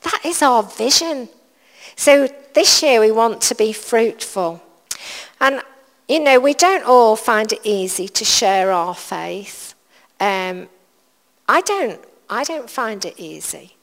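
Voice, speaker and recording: A woman's voice: a little high, expressive, takes it slowly. A woman giving a sermon in a church, earnest and encouraging, repeating short phrases for emphasis. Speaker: church leader. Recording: long reverb of a church hall.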